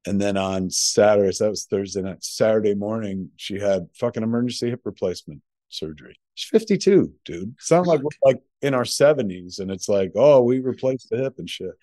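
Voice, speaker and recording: A man's voice: on the low side, expressive, fairly quick, hardly any pauses, mellow, no echo, studio quality. A middle-aged man co-hosting a podcast from home, telling a long, rambling story packed with profanity. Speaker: podcast co-host. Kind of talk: casual chat.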